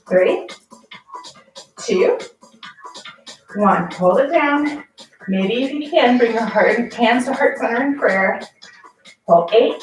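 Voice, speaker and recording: Breathless woman fitness instructor, slow steady cueing and rep counts, distant mic in a roomy space with soft background music. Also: a little high. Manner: counts reps aloud with short encouraging cues. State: out of breath from exercising. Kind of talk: guided workout class cueing.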